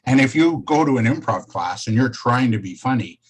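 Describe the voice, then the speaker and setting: A man's voice: mid-range voice, lively intonation, a little fast, husky. A man in a conversational interview who affirms what the other speaker says, adds his own thoughts and hands questions back.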